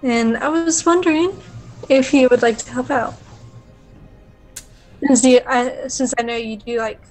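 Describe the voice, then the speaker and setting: A woman's voice: high-pitched, measured pace, a little mellow, faint music behind, low-quality recording. A woman voicing a friendly female adventurer who asks a favor in a polite, hesitant, coaxing way.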